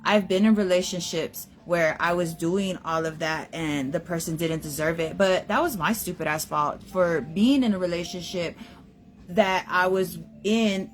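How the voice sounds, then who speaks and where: A woman's voice: fairly low pitch, measured pace. A young woman, hosting a podcast and ranting bluntly about dating, swearing heavily. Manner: blunt, emphatic, heavy swearing. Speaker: podcast host. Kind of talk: profane opinion rant.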